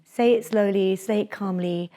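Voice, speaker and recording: In a lecture room, a young adult woman runs a live public speaking workshop, chatting in a lively way and laughing often. Her pitch is medium and her pace moderate.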